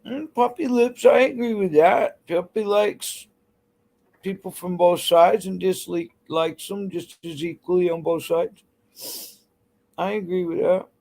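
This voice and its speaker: A woman's voice: fairly low pitch, measured pace, vocal fry, a little mellow. A woman hosting a livestream, ranting bluntly and heatedly with constant swearing. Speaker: livestream host. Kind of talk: angry livestream rant to chat.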